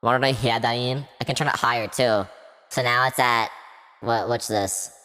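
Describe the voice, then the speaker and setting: A man's voice: mid-range voice, fairly even intonation, moderate pace, sharp tone. A man speaking his normal way through a vocoder with the formant raised, joking and rambling to his stream. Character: formant-shifted version of his own voice. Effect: vocoder formant shift. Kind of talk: live stream chatter.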